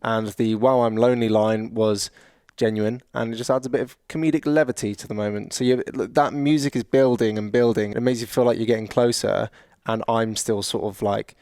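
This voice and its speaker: A man's voice: lowish voice, fairly even intonation, a little mellow, clear, resonant tone, dry recording, clean studio sound. A young man, a video creator, chatting and joking about how his video was made. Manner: chatty, jokey, quick asides. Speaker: creator and presenter. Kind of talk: casual breakdown chat.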